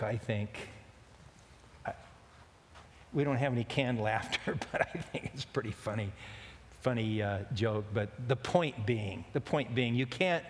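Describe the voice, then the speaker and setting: A man preaching a sermon, telling a rambling, joking story in a folksy way. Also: medium pitch. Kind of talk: sermon with a told anecdote. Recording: long hall reverb.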